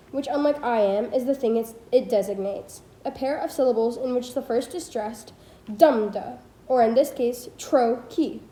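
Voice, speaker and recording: A teenage girl reads a textbook aloud in a homemade audiobook, her voice fairly high and soft-edged. She reads steadily, now and then stumbling on a word and correcting herself. The room around her sounds echoey. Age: teens. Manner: careful reading with small slips and self-corrections. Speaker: student reader. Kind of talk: amateur audiobook read-aloud.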